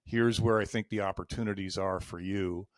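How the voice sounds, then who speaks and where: This deep-voiced man in his fifties, a life and executive coach, is a guest on a podcast interview. His intonation stays fairly even and his pace moderate, recorded in clean studio quality with no room sound. He tells candid, emotional stories and acts out old conversations in quoted dialogue.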